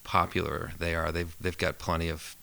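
Male podcast guest, low and gravelly, bright edge, relaxed storyteller. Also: normal speed. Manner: relaxed, thoughtful, amused storyteller. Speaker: photographer and filmmaker guest. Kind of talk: casual podcast interview.

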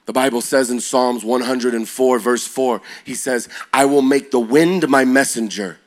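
A middle-aged man, a youth pastor, telling a story as he preaches, his delivery swinging from hushed lines to shouts. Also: mid-range voice, steady tone, moderate pace. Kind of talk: energetic sermon storytelling.

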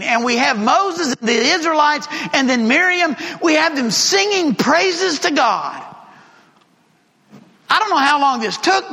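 A man's voice: very high-pitched, sharp tone. A man teaching a Bible class in a conversational way, throwing rhetorical questions at the class. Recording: reverberant room recording.

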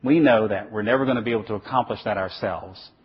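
Middle-aged male preacher, husky voice, lively emphatic sermon delivery, dull lo-fi recording. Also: lowish voice, quick pace. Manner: animated, emphatic, asks and answers his own questions. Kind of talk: sermon lecture.

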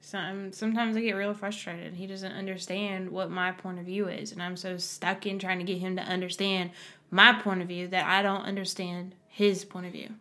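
A woman's voice: fairly low pitch, little pitch movement, moderate pace, pushed and bright. A woman co-hosting a casual faith-based marriage talk, candid about her own frustrations. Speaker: podcast co-host.

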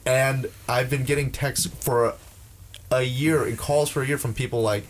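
A young man venting in a casual chat, profane and heated, tripping over his words as he starts sentences again. His voice sits at an ordinary middle pitch. A faint hiss of noise runs under the recording. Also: fairly even intonation, moderate pace. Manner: profane, ranting, with many restarts.

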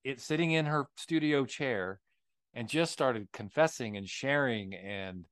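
A man co-hosting a faith podcast shares stories candidly, tagging his points with a quick "right?" to his partner. His voice sits at a middle pitch and is recorded dry, with no room echo. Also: a bit bright, smooth. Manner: candid storytelling, tags with "right?". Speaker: podcast co-host. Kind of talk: casual faith conversation.

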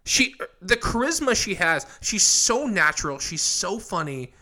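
A young adult man co-hosts a podcast, chatting casually and gushing like an excitable, enthusiastic fan. His voice is high and his pace measured.

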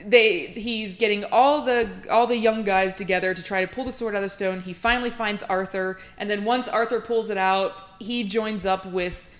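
A woman's voice: mid-range voice, fairly even intonation, normal speed, hardly any pauses. A woman co-hosting a casual movie review chat, recapping the plot and laughing often. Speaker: podcast co-host.

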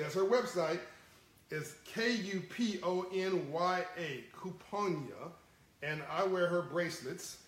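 A man with a high voice talks to his livestream viewers in a casual, folksy way. He chuckles often and stays animated. The sound bounces around an echoey room. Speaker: livestream host.

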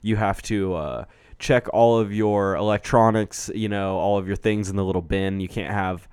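A man's voice: fairly low pitch, steady tone, moderate pace, a little mellow, smooth, no echo, studio quality. A young man co-hosting a podcast, chatting casually with loose, profane, joking storytelling. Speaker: podcast co-host. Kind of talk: casual chat.

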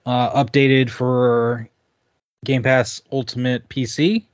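A man's voice: medium pitch, flat delivery, slow pace, no room sound. A man co-hosting a casual gaming podcast, giving short replies and news updates. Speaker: podcast co-host. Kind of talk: casual chat. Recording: dull dry studio sound.

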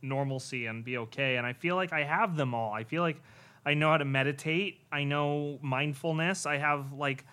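An earnest man talks candidly on a podcast, circling back and restarting as he searches for words. His voice sits a little high for a man. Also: moderate pace, pushed and bright. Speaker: podcast co-host.

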